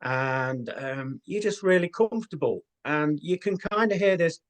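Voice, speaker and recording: A man talking as an interview guest and spiritual medium, telling his experiences in an earnest, unhurried way with many fillers. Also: a little high, expressive. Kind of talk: casual interview talk.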